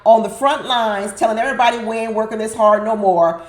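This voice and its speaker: A woman's voice: on the high side, brisk. Sassy woman recapping TV, roomy. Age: middle-aged. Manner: sassy, animated, laughing, talks to the audience. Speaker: reality TV recap commentator. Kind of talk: casual recap commentary. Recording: roomy echo.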